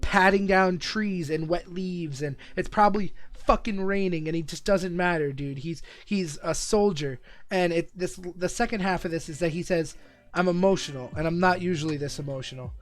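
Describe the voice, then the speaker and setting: A young man streaming live reaction commentary, excitable and profane, rambling between bursts of laughter. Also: high voice, normal speed, few pauses, soft background music.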